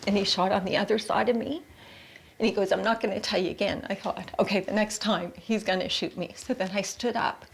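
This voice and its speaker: Gravelly-voiced woman recounting a trauma. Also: mid-range voice, steady tone. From Canada. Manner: halting, repeats words, quotes her own thoughts. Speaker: interviewee recounting her experience. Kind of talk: emotional interview testimony.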